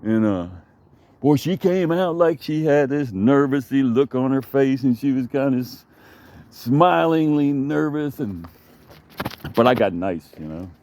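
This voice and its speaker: A man's voice: mid-range voice, expressive, a little slow, a little mellow. A man rambling through a profane, digressive story in a casual vlog, recorded outdoors in his backyard.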